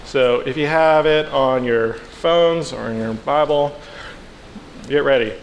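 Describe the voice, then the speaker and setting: A man's voice: mid-range voice, slow. A man preaching a casual sermon, telling a story with playful asides and acting out the characters. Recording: long hall reverb, faint background noise.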